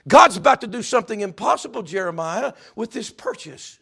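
A man's voice: high voice, animated, brisk, gravelly, breathy edge. A man preaching a fervent sermon. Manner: fervent, builds to loud climaxes.

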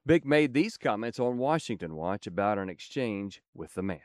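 A man's voice: on the low side, expressive, normal speed, darkish tone, no echo, studio quality. A male reporter narrating a news story evenly.

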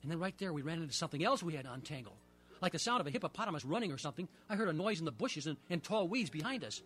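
A man reading a children's story aloud, with expressive, lively storytelling. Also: fairly high pitch, rapid-fire, soft background music.

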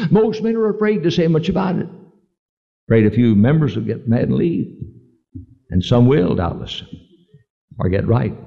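A man's voice: mid-range voice, big pitch swings, moderate pace, gravelly, pauses often, mellow. A man preaching a sermon, telling stories and rising to emphatic points, on a dull old recording with a long echo. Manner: preaching with swells of emphasis and storytelling.

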